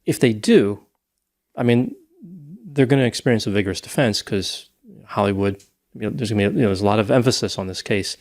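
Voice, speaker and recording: A man's voice: lowish voice, a little fast, a little mellow. A man co-hosting a casual podcast discussion, thinking aloud and hedging with "I think" and "you know.". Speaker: podcast co-host.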